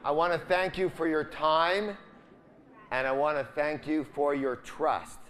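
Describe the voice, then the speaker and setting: A man's voice: a little high, steady tone, measured pace, fairly bright tone, a little hiss or hum. A man giving a live seminar, full of upbeat energy, constantly asking the audience questions and leaving the ends of his sentences for them to fill in. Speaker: seminar speaker.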